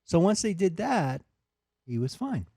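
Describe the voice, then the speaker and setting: A man's voice: sits high, unhurried, gravelly, slightly rough, dry recording, clean studio sound. A middle-aged man, a father, telling family stories in a casual chat and acting out the voices. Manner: animated storyteller, acts out voices.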